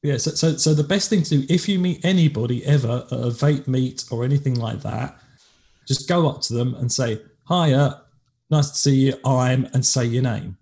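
An English man co-hosts a podcast with an easygoing, rambling delivery. His voice sits at a plain middle pitch, and his sentences often stall and restart before they land. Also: moderate pace, darkish tone. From England. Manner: chatty, rambling, with frequent restarts. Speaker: podcast co-host. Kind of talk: casual chat.

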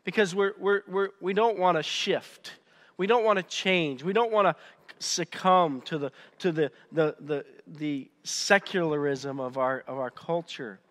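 Guy preaching in a big echoey church, a bit high voiced, chatty and stumbly, lots of restarts. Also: unhurried. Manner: conversational, animated, frequent restarts and stumbles. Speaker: pastor. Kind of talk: sermon.

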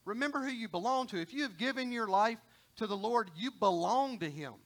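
A man's voice: high voice, lively intonation, fairly quick, a bit bright. A middle-aged man preaching a sermon in a folksy, conversational way, often repeating and restarting phrases.

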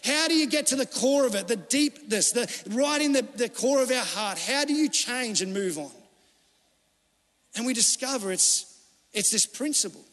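A male pastor preaching a sermon with passion, rising to urgent appeals and dropping to hushed, pleading tones. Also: very high-pitched, animated, moderate pace, big-room sound.

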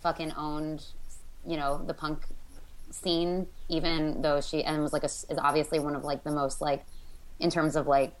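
Low-voiced woman, rambling podcast chat. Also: flat delivery, normal speed, low-quality recording. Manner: rambling, filler-heavy. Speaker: podcast co-host. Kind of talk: casual discussion.

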